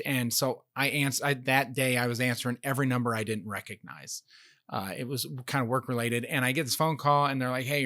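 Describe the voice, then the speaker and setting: A man's voice: medium pitch, sharp tone. A man co-hosting a podcast, telling a story in casual chat and acting out the dialogue he quotes. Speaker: podcast co-host.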